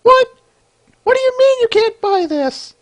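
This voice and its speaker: A man voicing a fussy, indignant cartoon pony lady in a very high squeaky falsetto. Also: lively intonation, unhurried.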